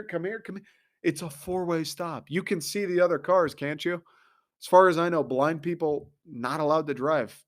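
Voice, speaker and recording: A man hosting a show, delivering a profane, sarcastic comedic rant in an exasperated tone. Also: fairly high pitch. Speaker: podcast host.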